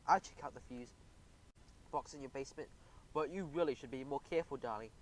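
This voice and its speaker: A man's voice: mid-range voice, brisk, close to an everyday voice, low-quality recording. A man voicing a cheerful, capable young female mouse in an audiobook, with a soothing, reassuring manner. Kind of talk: audiobook character voice.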